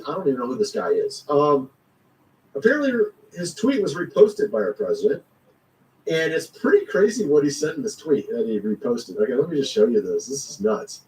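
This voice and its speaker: A man's voice: fairly high pitch, a little mellow, recorded from a distance, poor audio. A man giving rambling, slangy commentary in a vlog, chuckling often. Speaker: commentary vlogger. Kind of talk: casual political commentary.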